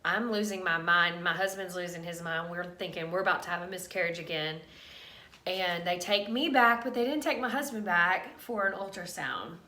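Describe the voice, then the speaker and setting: A woman vlogger casually shares a candid, emotional pregnancy update to camera, her voice on the low side yet pushed and bright. The recording has a roomy echo.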